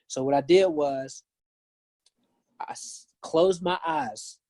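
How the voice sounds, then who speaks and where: Earnest male pastor guest, warm low-key tone, dry recording. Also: slow, no echo. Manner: earnest, animated when retelling. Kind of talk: casual storytelling.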